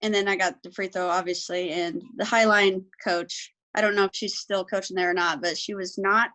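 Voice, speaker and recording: A woman's voice: mid-range voice, steady tone, moderate pace, bright, forceful tone. A woman around thirty, a guest on a casual interview over a video call from home, recalling things in an easygoing, modest way. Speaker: interview guest, former college athlete.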